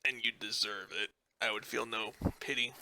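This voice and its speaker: A man's voice: fairly low pitch, little pitch movement, moderate pace, heavy background noise. A man running a tabletop game as game master, narrating casually and teasing the players.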